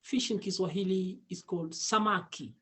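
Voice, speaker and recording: A man's voice: sits high, a bit bright. Patient man teaching Swahili. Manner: patient, repeats words slowly, laughs often. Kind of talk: casual online language lesson.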